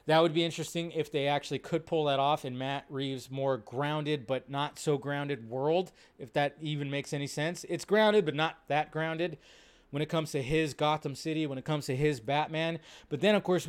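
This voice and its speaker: A man's voice: fairly high pitch, clean tone. Chatty male live-stream host. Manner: rambling, filler-heavy, chatty. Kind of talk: casual live-stream commentary.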